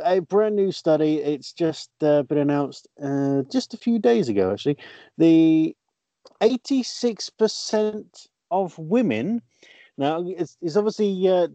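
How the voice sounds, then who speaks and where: A man's voice: a little high, warm tone, no room sound. A male radio presenter running a playful chat, quizzing his co-hosts.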